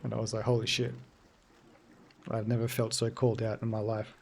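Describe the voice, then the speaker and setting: A man's voice: fairly low pitch, flat delivery, a little fast, creaky. A man in his thirties chatting casually while streaming a game, loose and joking, answering his chat. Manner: loose, joking, sweary, talks to chat between game moments.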